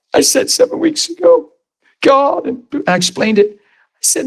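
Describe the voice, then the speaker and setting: A man's voice: extremely high pitch, normal speed. A middle-aged man preaching a sermon, telling a personal story and acting out the voices in it. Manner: animated storyteller, acts out voices, laughs.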